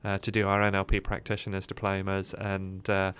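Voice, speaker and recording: A man's voice: low-pitched, monotone, a little fast, fairly bright tone, clear, resonant tone. A man, a guest on a radio interview, telling his life story in a rambling way with many fillers, recorded in a studio.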